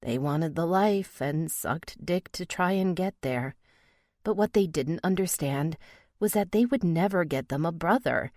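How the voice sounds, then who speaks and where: A woman narrating a romance audiobook in the first person, expressive in the dialogue. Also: on the low side, a little slow, dry recording, studio quality.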